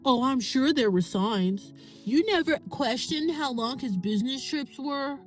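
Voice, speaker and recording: A woman voicing a judgmental accuser who slowly interrogates and scolds. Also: sits high, lively intonation, soft background music, voice pushed up. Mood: accusing.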